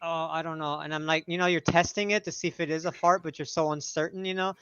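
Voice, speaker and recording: Man, bright tone, slightly high, casual storyteller, from California. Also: fast, clear, resonant tone, no room sound, dull audio. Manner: animated storyteller, acts out voices loudly. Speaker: live stream co-host.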